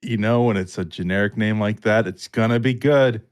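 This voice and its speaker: A man's voice: lowish voice, moderate pace, smooth. A young man hosting a podcast, joking around and swearing freely in casual chat. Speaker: podcast host.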